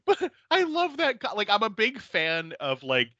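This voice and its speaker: A man hosting a casual movie recap podcast, telling stories in an animated way, laughing often and swearing freely. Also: high voice, a little slow, dry recording, dull audio. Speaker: podcast host.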